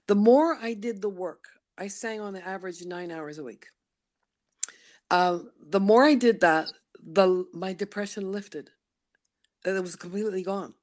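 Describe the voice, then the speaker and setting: A woman's voice: medium pitch, measured pace. A middle-aged woman from Canada, a voice workshop leader, telling her story in an interview and acting out her inner voice in playful asides. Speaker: guest, studio founder and voice workshop leader. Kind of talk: conversational interview.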